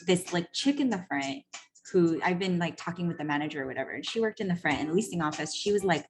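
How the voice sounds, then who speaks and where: A woman coach telling a story in a casual, profane monologue, animated and full of "like" and "right?". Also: on the low side, fast talker. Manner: animated, acts out quoted voices. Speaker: personal growth coach.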